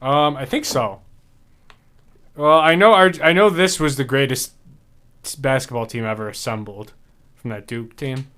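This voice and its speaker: A man's voice: medium pitch, measured pace, pauses often, a bit bright, smooth. A man co-hosting a podcast in casual chat, reading messages aloud from his phone and laughing between lines. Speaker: podcast co-host.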